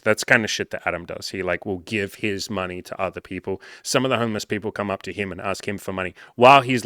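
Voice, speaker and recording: A man's voice: low voice, bright, forceful tone, no echo, clean studio sound. A young man, telling stories casually and animatedly, full of "like" fillers and swearing. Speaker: podcast host reading comments. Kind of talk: casual storytelling.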